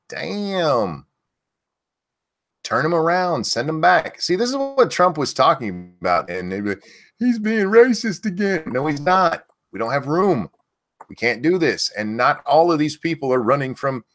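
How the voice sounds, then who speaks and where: A man hosting a live stream, reading news aloud and mocking it with blunt, sarcastic, swear-filled commentary. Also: medium pitch. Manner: blunt, sarcastic, swears often, jumps up loud in outbursts.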